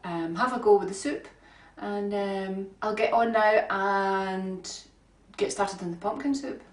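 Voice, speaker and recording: A woman giving a relaxed, homely cooking demonstration in her kitchen, chatting along with frequent ums. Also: medium pitch, unhurried. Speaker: home cook. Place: home kitchen. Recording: roomy kitchen sound from a distant mic.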